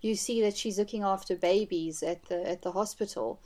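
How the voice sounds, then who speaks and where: A woman's voice: medium pitch, normal speed, darkish tone. A woman co-hosting a podcast, talking casually and laughing about a film, swearing and apologizing. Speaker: podcast co-host.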